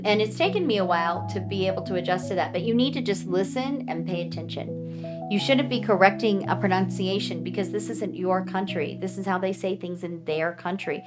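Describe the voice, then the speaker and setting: An American woman giving casual, earnest advice in a chatty way, often acting out how other people answer her. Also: mid-range voice. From United States. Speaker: vlogger giving advice to foreigners.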